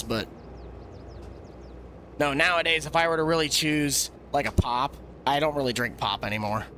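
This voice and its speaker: A man's voice: on the high side, fairly bright tone, slight background noise. A young man rambling and joking casually while live-streaming a farming game. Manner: rambling, jokey, laughs often. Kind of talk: casual gameplay chatter.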